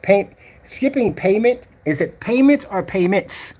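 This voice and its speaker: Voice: medium pitch, lively intonation, a little slow, darkish tone. Mocking vlogger with a swooping voice. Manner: mocking, scolding, reads comments aloud. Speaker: vlogger replying to a troll. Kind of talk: casual rant to camera.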